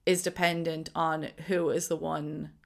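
A woman with a somewhat low voice co-hosting a casual film podcast. She speaks slowly and easily. She laughs often. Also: flat delivery, creaky. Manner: slow, easygoing, laughs often. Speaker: podcast co-host.

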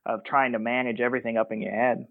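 A man's voice: medium pitch, level tone, fast, no room sound, phone-quality sound. A man chatting casually as a guest, rambling and self-deprecating, on a remote line. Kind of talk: casual chat.

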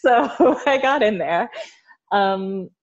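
Lively storytelling woman, muffled sound. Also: mid-range voice, slow pace. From United States. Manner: animated storyteller, laughs often. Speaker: guest, olive oil producer. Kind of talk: casual interview storytelling.

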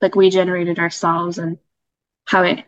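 A woman's voice: lowish voice, monotone, normal speed, dry recording, highs cut off. A woman casually telling a personal story as a podcast guest, chatty, with fillers and laughs.

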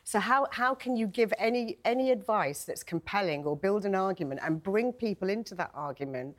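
A woman's voice: medium pitch, animated, fairly quick. Challenging female panelist. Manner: challenging, interjecting. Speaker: panel guest. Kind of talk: debate.

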